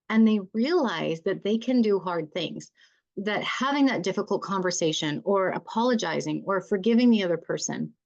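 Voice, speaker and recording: A woman's voice: medium pitch, highs cut off. A woman mediator giving an earnest, encouraging conference talk to fellow mediators, often checking in with "right?".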